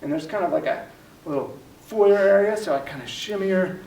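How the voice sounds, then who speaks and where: A man telling a personal story to a live workshop audience, animated and self-mocking. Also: sits high, a little fast. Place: library workshop room. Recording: echoey room, distant mic, faint noise.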